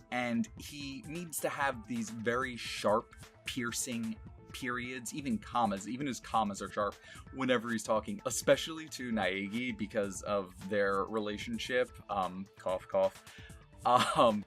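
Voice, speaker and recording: A man, a voice actor, talking casually about his past character voices in a relaxed, self-deprecating way with frequent laughs. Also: mid-range voice. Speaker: voice actor and streamer. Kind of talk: casual retrospective talk.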